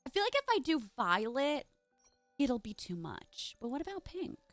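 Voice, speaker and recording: Young female streamer, chatty and gushing, high lively voice, dry close sound. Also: normal speed, no room sound, faint music behind. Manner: gushing, chatty, talks straight to chat. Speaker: live streamer. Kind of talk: casual live-stream chat while gaming.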